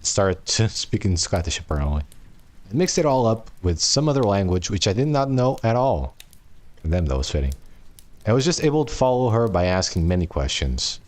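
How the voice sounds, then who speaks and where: Deep-voiced man reading aloud, stumbling. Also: big pitch swings, normal speed. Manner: stumbles over long words, joking asides. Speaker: streamer reading a novel aloud. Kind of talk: casual live read-aloud with asides.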